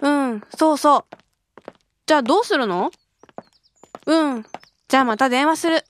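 A woman playing a breezy, high-voiced young woman on the phone. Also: fast, natural voice. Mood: casual. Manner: casual, chatty phone talk. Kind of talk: scripted dialogue for a language course.

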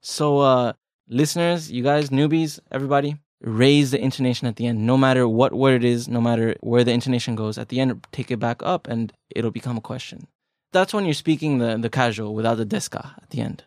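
A male co-host of a casual language-learning podcast explains things through jokes and everyday examples in a chatty way. His voice is medium-pitched and darkish, a little fast, with clean studio sound and no echo.

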